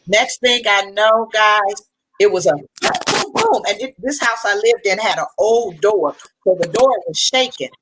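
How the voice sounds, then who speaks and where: A woman's voice: mid-range voice, lively intonation, measured pace, background noise. A middle-aged woman recounting a personal story as a panel guest, earnest and conversational. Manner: earnest, conversational, with restarts and colloquial speech.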